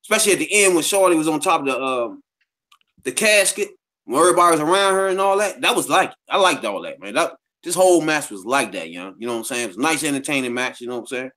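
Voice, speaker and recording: A man's voice: a little high, lively intonation, fast talker, bright, forceful tone. A man co-hosting a podcast in a casual chat, talking in a loose, slangy way with lots of repeated filler phrases. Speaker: podcast co-host.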